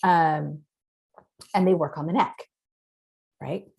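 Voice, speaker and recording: A woman clinician explaining her approach in a podcast interview, earnest and direct, her voice going hoarse as she talks. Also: sits low, slow pace, a little mellow. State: losing her voice. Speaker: concussion clinician guest.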